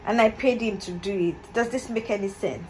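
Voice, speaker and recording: A woman's voice: medium pitch, moderate pace, faint music behind, rough recording. A young woman vlogging candidly in casual, slangy talk from her hostel room, recorded on a phone camera. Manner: candid, upset and ranting, slangy. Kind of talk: casual vlog chat.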